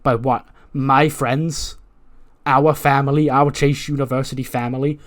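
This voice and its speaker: A fiery young woman wrestler, as a man voices her, fierce and indignant, in a mid-pitched everyday voice. She speaks fast in long, heated runs. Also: steady tone, natural voice.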